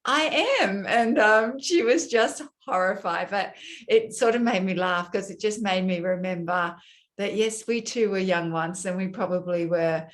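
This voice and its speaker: A woman's voice: medium pitch, normal speed. Chatty older woman. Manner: chatty storytelling, addressing women viewers. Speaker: vlogger. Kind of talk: casual chat.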